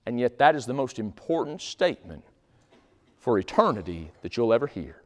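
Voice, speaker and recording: A male pastor preaching a sermon in a church, swinging from loud shouts to quiet pleading. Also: medium pitch, animated, a little fast, pauses often, long reverb tail. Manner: impassioned Southern preaching with sudden loud shouts. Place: church sanctuary.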